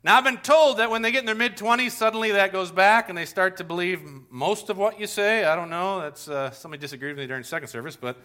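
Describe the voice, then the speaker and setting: High, bright-voiced pastor telling stories. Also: male voice, fast talker, hardly any pauses. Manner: animated storytelling, acts out voices with big pitch swings. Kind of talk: conversational sermon.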